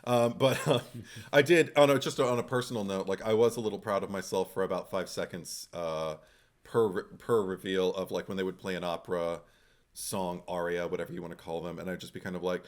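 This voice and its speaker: A man co-hosting a podcast in casual film talk, animated, acting out his own reactions in quoted asides and laughing often. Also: sits low, a little fast. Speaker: podcast co-host.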